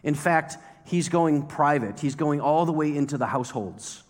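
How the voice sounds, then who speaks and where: A man preaching a sermon in a relaxed, conversational manner, circling back to hammer his points through repetition. His voice sits a little higher than most men's. It rings out with a long reverb, as in a large church hall. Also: normal speed. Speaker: pastor.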